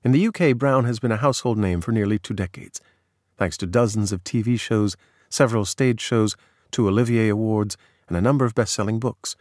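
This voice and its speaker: A man in steady, measured scripted narration of a magazine article. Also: fairly low pitch, no echo, studio quality.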